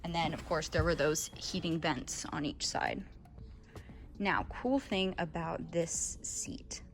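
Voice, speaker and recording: Woman vlogger, lowish voice, breathless and rambling, music underneath. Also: slow. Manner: chatty, filler-heavy, self-correcting. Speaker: vlogger giving a boat tour. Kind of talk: casual walkthrough. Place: on a boat.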